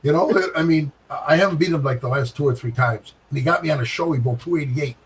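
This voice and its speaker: Animated storytelling man, slightly high voice. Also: fast, breathy edge, far from the mic, low-quality recording. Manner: animated storyteller with sound effects and repeated phrases. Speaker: guest pro bowler. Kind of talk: casual storytelling chat.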